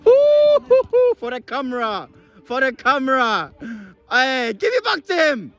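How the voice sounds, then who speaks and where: A man's voice: very high-pitched, sing-song, moderate pace. Young man, whooping from the sideline. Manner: laughing, teasing, loud whoops. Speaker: sideline commentator filming friends' football. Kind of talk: excited slang-heavy sideline banter.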